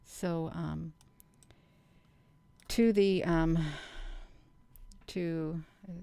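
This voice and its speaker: A middle-aged woman hosting her own channel, talking slowly and earnestly to her viewers in a rambling casual monologue. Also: fairly low pitch, fairly even intonation, creaky, warm tone, smooth, no echo. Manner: slow, earnest, addresses viewers as "you all". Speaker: channel host.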